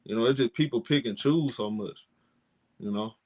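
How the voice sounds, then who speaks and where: A man's voice: medium pitch, moderate pace, darkish tone. A young man co-hosting a live sports reaction stream, debating players in emphatic, slangy casual talk. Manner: emphatic, slangy, mocks critics with put-on voices.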